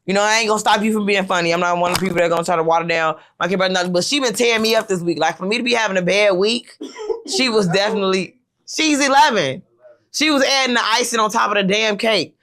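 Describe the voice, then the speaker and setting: A woman's voice: medium pitch, fast talker, fairly bright tone. A woman in her thirties hosting a podcast, telling rambling stories with lots of fillers in casual chat. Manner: rambling, storytelling with many fillers. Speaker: podcast host.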